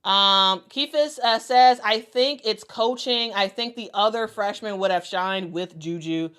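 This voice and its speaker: A woman's voice: medium pitch, unhurried, a bit bright, clear, resonant tone. Emphatic woman basketball commentator. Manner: emphatic, repeats herself for stress. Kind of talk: casual commentary reading viewer comments.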